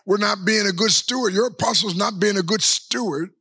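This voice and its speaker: Gravelly-voiced preacher man, bright and husky. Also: high-pitched. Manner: preaching with long drawn-out pauses and repeated rhetorical questions. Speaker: pastor. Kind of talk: sermon.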